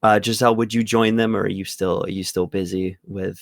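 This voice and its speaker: A man running a tabletop game as game master, narrating in a relaxed way with plenty of ums. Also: lowish voice, a little fast, creaky, dry recording, studio quality. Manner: relaxed, filler-heavy narration.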